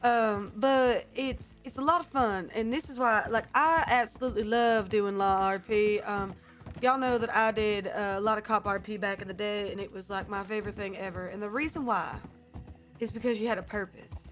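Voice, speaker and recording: A woman's voice: mid-range voice, steady tone, moderate pace, a bit bright. A woman streamer chatting casually to her viewers, keeping up a put-on character accent, with lots of fillers.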